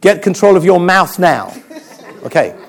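A male preacher with a lively, wide-ranging voice that climbs and falls with every point. He talks with humour and drops to a soft, grave tone for serious stories. His pitch sits a little high for a man. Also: unhurried, creaky. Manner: animated, humorous preaching with dramatic quiet passages. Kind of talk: sermon.

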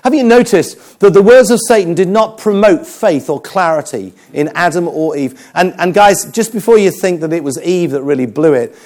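A man preaching a sermon, telling stories with jokes and an animated delivery. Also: high-pitched, normal speed, few pauses. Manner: animated, joking storyteller.

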